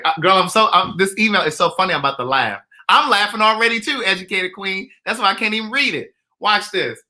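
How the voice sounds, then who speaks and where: Sassy, bright-voiced male vlogger. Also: on the high side, fast talker. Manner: sassy, teasing, animated storytelling with laughs. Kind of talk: casual comedic vlog. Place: indoors at home.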